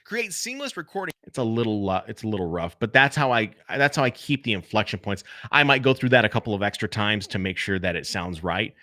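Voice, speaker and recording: A man's voice: fairly low pitch, brisk, few pauses, pushed and bright, no room sound, studio quality. A man hosting a casual live-stream Q&A about podcasting, chatting loosely and speaking straight to his viewers. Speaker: podcast host.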